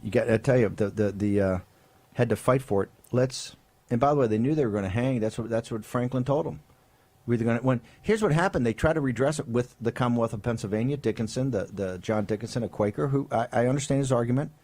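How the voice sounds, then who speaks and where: A man's voice: medium pitch, fast, a little mellow. A man hosting a political talk show, delivering fiery commentary, emphatic and rhetorical, with frequent tag questions. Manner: emphatic, rhetorical, keeps asking "right?".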